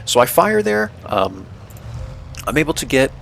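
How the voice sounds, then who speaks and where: Gravelly young man commenting on gameplay. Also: mid-range voice, very animated, a little slow, a bit bright, a little hiss or hum. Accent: North American English. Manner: explains tactics, lots of "um", "right?" and "man".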